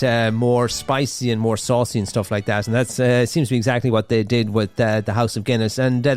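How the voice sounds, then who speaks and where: In a radio studio, a male radio host chats casually through the news in a mid-range voice with no echo. He rambles, using lots of fillers and restarts.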